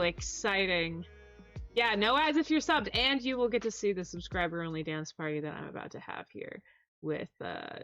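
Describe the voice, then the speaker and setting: A woman's voice: mid-range voice, no room sound, highs cut off. A woman live-streaming and chatting casually with her chat, reading messages aloud and stumbling over hard names.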